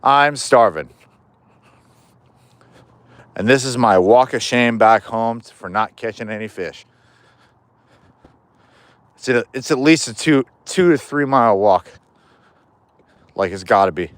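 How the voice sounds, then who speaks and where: This man's mid-range voice is expressive and measured, with frequent pauses and no room sound. He rambles through a casual livestream chat while walking home outside, cracking jokes and swearing freely. The audio comes from a chest-mounted POV camera.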